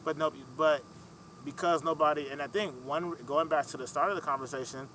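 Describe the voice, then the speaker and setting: A man from Michigan who is a guest on a casual podcast, explaining his ideas in a thoughtful, analytical way. His voice is bright and forward, sitting slightly high for a man. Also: steady tone, a little fast, a little hiss or hum. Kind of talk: casual conversation.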